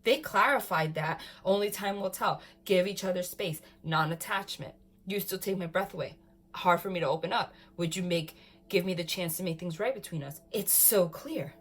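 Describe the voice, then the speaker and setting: A woman giving a casual tarot reading to camera, excitable, often saying "freaking" and "like", swinging from calm talk to loud laughing outbursts. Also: fairly low pitch, moderate pace, a little hiss or hum. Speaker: tarot reader.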